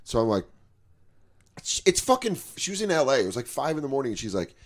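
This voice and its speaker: A man on a podcast, telling stories in a casual, animated way, acting out both sides of conversations and swearing often. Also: mid-range voice, fast. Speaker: podcast guest comedian. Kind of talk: casual storytelling chat.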